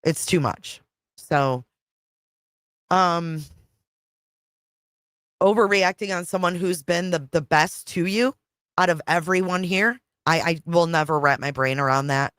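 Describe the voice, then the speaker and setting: A woman's voice: on the low side, unhurried, long pauses, fairly bright tone, clear, resonant tone, no room sound, clean studio sound. A middle-aged woman hosting a casual livestream chat, frustrated and rambling, repeating herself and swearing. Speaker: livestream host.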